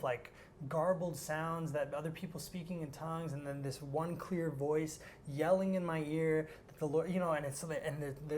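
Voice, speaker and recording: A man, an interview guest, tells a personal story in an animated, rambling way, full of "like" and acted-out quotes. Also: fairly high pitch, slight background noise. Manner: animated, rambling, heavy use of "like".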